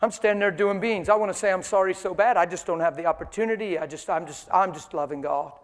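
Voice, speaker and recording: A man preaching a sermon, telling a personal story with animated delivery and frequent laughter. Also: sits high, fast, big-room sound.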